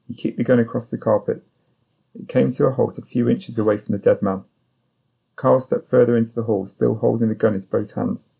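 A man narrating an audiobook in the first person, in a steady, measured way. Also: mid-range voice, creaky, slightly rough.

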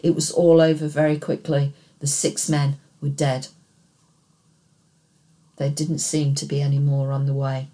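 A woman giving steady, measured first-person narration of an audiobook thriller. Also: low-pitched.

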